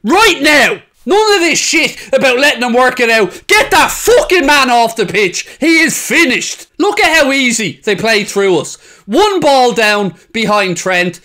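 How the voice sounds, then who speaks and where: A young man reacting to football highlights, heated and swearing freely. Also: lively intonation, unhurried, hardly any pauses, pushed and bright. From England. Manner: heated, swearing, frequent outbursts. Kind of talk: casual match reaction commentary.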